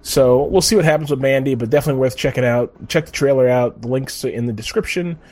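A man's voice: mid-range voice, quick pace, a little mellow. A man co-hosting a podcast, chatting casually in a rambling, profane way with lots of fillers. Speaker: podcast co-host. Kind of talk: casual chat.

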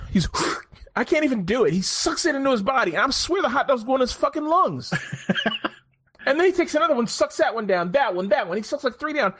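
A man hosting a casual podcast chat, telling stories in an animated way, swearing freely and laughing often. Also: very high-pitched, husky. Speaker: podcast host.

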